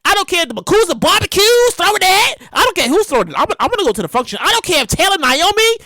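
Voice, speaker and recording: Loud, hyper male podcast host. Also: very high-pitched, racing, dry recording, clean studio sound. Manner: loud, hyper and animated, with profanity; acts out quoted people in shouts. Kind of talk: solo podcast rant.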